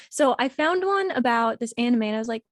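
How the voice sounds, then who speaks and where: Quick-witted woman, dry close sound. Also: a little high, lively intonation, dry recording. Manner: candid, quick-witted, laughs easily. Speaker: podcast co-host. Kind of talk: casual chat.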